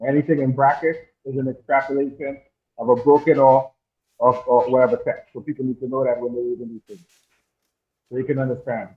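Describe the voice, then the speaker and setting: A man co-hosting a casual stream discussion, making measured explanatory points. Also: medium pitch, little pitch movement. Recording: tinny phone-like line.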